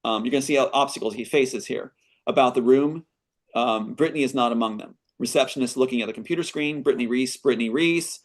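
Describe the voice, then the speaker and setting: A man's voice: medium pitch, fast talker. A screenwriter reading his screenplay aloud as a guest, breaking off with earnest asides.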